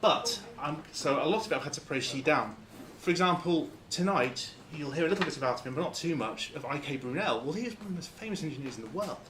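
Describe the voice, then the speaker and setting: A man from Lancashire giving an informal talk to a club, halting and full of fillers and restarts. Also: fairly high pitch, animated, background noise. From Lancashire, England. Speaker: guest speaker.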